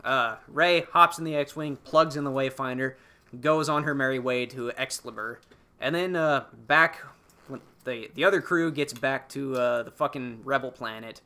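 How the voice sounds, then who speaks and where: A man's voice: mid-range voice, moderate pace, sharp tone. A young man on a podcast, recapping a film in a rambling, casual way, swearing freely. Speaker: podcast co-host.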